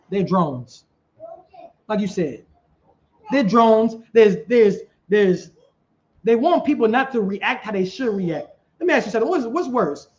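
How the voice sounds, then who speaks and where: Animated high-voiced street preacher, a man. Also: dull audio. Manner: animated, questioning the crowd.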